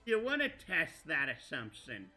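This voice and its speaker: A man's voice: on the high side, wildly swooping pitch, a little slow, bright, forceful tone, faint music behind, exaggerated voice. A man voicing a threatening male pirate captain in a tabletop game, blustering and growling out threats. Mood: menacing.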